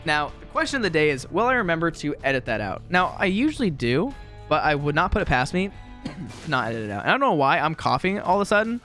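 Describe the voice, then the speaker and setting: A young man chats his way through a game from his room at home, rambling and poking fun at himself. His voice sits a little high and swings around lively. Faint music plays underneath. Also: fast talker. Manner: rambling, chatty, self-deprecating. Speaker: gaming commentator. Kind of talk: casual gameplay commentary.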